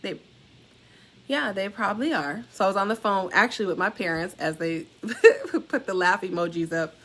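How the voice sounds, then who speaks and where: Animated middle-aged woman telling a story. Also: normal speed. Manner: animated, acts out quoted voices with big pitch jumps. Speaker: salon suite owner sharing a warning. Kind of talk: casual storytelling to followers.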